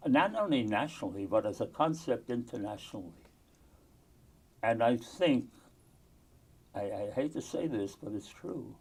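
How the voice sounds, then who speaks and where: An older man from the United States recalls his experiences in an oral history interview. He speaks earnestly and haltingly, often pausing and restarting. His voice is warm and mellow, at an ordinary pitch.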